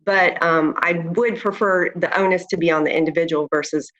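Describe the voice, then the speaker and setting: A woman's voice: lowish voice, fairly even intonation, fairly quick, fairly bright tone. Hesitant woman commissioner, dull sound. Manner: hesitant, many ums and restarts. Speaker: county commissioner. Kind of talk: public meeting debate.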